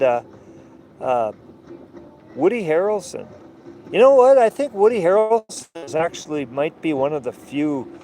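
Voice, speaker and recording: Male sailor vlogger, rambling casual talk, slightly high, faint street noise. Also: mellow. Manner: rambling, many fillers and restarts. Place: outdoors.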